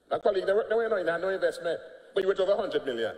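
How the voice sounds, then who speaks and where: Speaking in parliament, an older Antiguan-accented politician goes on the attack with mockery and laughing jabs. He talks rapid-fire in a high, darkish voice with lively intonation, and the chamber's echo leaves a long reverb.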